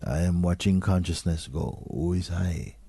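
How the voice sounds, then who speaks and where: A man giving a slow, questioning spiritual talk to an audience, sometimes dropping to a near whisper. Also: deep voice, creaky, warm tone, slightly rough. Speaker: spiritual teacher.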